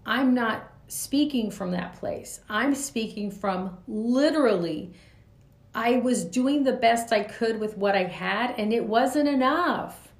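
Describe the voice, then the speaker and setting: A woman's voice: a little high, lively intonation, takes it slowly. A woman in her forties hosting a reflective podcast monologue, speaking earnestly with loose spoken asides. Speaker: podcast host. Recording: echoey room.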